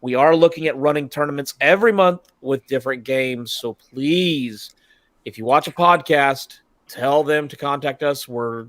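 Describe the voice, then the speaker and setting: Man, podcast co-host, halting announcements, um and uh, dry close sound. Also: mid-range voice, no echo. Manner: relaxed, halting announcements with fillers. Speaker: podcast co-host promoting a tournament. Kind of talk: casual podcast chat.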